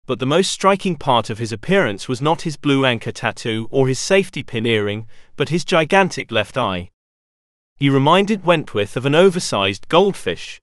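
Lively male storybook narrator. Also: medium pitch, dry recording, clean studio sound. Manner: expressive reading.

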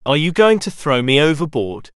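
A man voicing a timid young male rat in a storybook who stammers and squeaks. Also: big pitch swings, normal speed, smooth, no echo, studio quality. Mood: nervous.

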